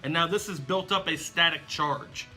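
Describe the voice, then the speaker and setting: A man's voice: on the high side, normal speed, sharp tone, soft background music. A man hosting a magic tutorial, explaining each trick step by step in an upbeat way. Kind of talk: instructional demonstration.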